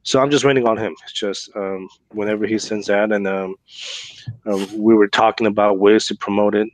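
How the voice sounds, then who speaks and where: A man hosting a podcast, telling a story in an animated, chatty way and often tagging on "right?" and "man.". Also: on the low side, normal speed, no echo. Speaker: podcast host.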